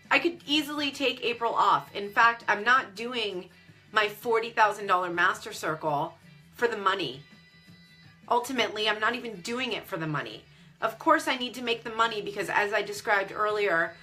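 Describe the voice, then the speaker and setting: A woman coach talking candidly and emotionally to viewers on a live video stream, close to tears at times. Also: medium pitch. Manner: animated, candid. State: tearful. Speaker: online business coach. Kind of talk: Facebook Live chat.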